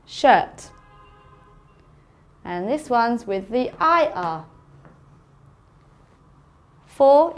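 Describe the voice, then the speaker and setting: A woman teaching an English phonics lesson, sounding out words slowly and carefully for learners. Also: a little high, very animated. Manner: slow, careful enunciation of sounds.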